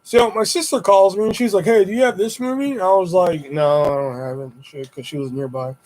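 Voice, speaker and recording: A young man hosting a casual livestream, rambling and swearing as he tells animated stories and jumps up high when he quotes himself. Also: a little fast, a little hiss or hum, poor audio. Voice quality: profane, rambling storyteller. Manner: animated retelling with high-pitched quoted exclamations. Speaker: livestream host. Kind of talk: casual live-stream chat.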